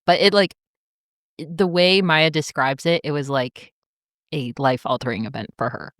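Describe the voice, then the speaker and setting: A woman's voice: low-pitched, normal speed, dry recording, studio quality. A woman co-hosting a podcast, gushing and giggling while discussing a novel. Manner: giggly, gushing, lots of fillers. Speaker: podcast co-host. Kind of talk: casual book discussion.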